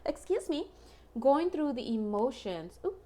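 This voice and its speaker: A woman's voice: high voice, very noisy. A woman giving a casual tarot reading to her viewers, chatty and emotional, often checking in with "right?". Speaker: tarot reader.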